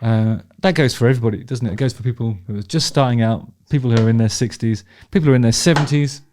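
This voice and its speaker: With slight background noise around him, a fast-talking man with a medium-pitched, darkish voice reacts to a concert clip. He's chatty and opinionated in a casual way, curses freely, restarts his sentences a lot and laughs along.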